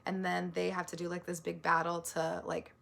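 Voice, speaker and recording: A woman's voice: fairly low pitch, monotone, moderate pace, gravelly, a bit bright. A woman book vlogger chatting casually about her month's reading, rambling with lots of likes and ums, earnest and easily moved. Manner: rambling, filler-heavy, with many likes and ums.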